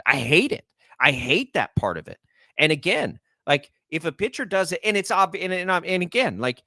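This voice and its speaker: A man's voice: mid-range voice, pushed and bright, no room sound, clean studio sound. A young man hosting sports talk radio, arguing emphatically and ranting about the game.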